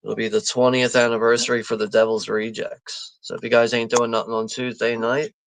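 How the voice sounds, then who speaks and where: A man's voice: medium pitch, level tone, fairly quick, gravelly, slight background noise, poor audio. A man hosting a live watch party stream, chatting casually and rambling, with lots of fillers, restarts and easy chuckles. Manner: easygoing, chuckles often.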